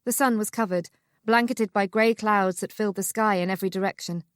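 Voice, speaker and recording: A woman narrating a historical romance audiobook in a measured, even storytelling manner. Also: medium pitch, clean tone, no room sound, clean studio sound.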